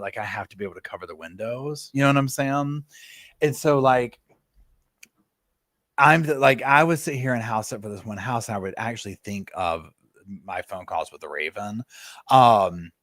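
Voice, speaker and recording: A man, hosting a casual live chat from home and telling animated stories full of fillers and asides. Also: lowish voice, normal speed, dry recording, clean studio sound. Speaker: live stream host.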